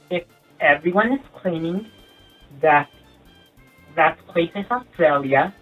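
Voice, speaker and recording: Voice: mid-range voice, slightly rough. Rambling sarcastic comedy youtuber. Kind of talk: comedic monologue. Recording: tinny lo-fi sound with faint music.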